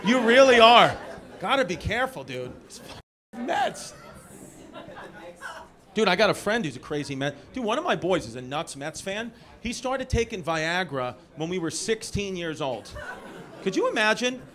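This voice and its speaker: A man works the crowd in a small comedy club, loose and profane as he teases the front rows. His voice sits high for a man. Loud laughter from a packed audience rolls under everything he says. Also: sing-song, normal speed. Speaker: stand-up comedian. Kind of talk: crowd-work stand-up.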